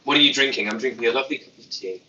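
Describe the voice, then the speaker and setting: A man's voice: medium pitch, very fast, bright, forceful tone, reverberant, recorded from a distance, muffled recording, a little hiss or hum. A young British man hosting a casual livestream, reading chat aloud with dry, self-mocking humor. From Britain. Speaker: YouTube host. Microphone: phone.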